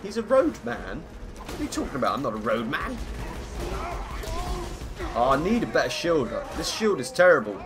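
A man with a croaky voice chatting through live gameplay commentary, greeting viewers and humming between lines. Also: mid-range voice, sing-song, normal speed, long pauses, over music. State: hoarse, croaky voice. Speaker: game streamer. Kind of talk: live gameplay commentary, reading chat aloud.

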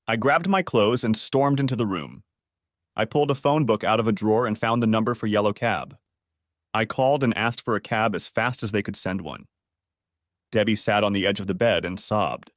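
A man's voice: on the low side, brisk, no echo. Man narrating a story in a dry room. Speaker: audiobook narrator. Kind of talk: first-person story narration.

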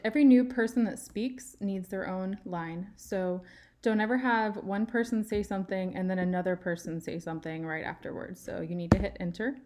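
A woman's voice: medium pitch, a little mellow. A woman teaching writing in a tutorial, patient and step by step, leaning on key words for emphasis. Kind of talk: screen-share writing tutorial.

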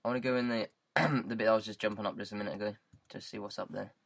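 A man's voice: lowish voice, steady tone, rapid-fire, vocal fry, a bit bright. A man with a British accent giving casual, rambling gameplay commentary into a headset mic, goofing around and repeating words in silly riffs. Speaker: gaming YouTuber.

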